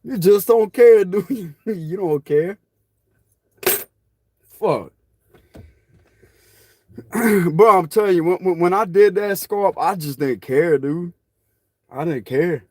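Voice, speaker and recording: A man's voice: high voice, takes it slowly, pauses often, no room sound, clean studio sound. A man chatting casually to viewers on his phone, joking, laughing often and swearing freely. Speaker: spiritual tarot channel host. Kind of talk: casual rambling chat to viewers.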